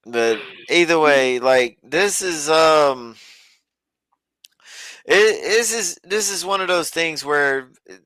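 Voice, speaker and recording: A man's voice: on the high side, expressive, takes it slowly, a bit bright, dry recording. A man co-hosting a podcast, talking in a loose, rambling, folksy way about a reality show. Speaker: podcast co-host.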